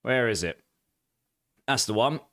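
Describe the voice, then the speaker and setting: A man's voice: medium pitch, lively intonation, measured pace, a bit bright. A man chatting casually to viewers while streaming a game, thanking them by name. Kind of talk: casual live-stream chat.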